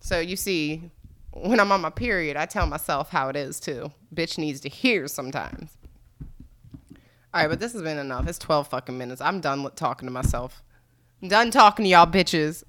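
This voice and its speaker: A woman's voice: low voice, expressive, normal speed, fairly bright tone. A young woman vlogging alone, telling a candid, crude story full of swearing and laughter.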